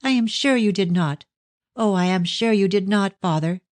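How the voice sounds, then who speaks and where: A man's voice: high voice, normal speed, dry recording, voice pushed up, natural voice. A man reading an audiobook, voicing an anxious, tearful young woman pleading with her father.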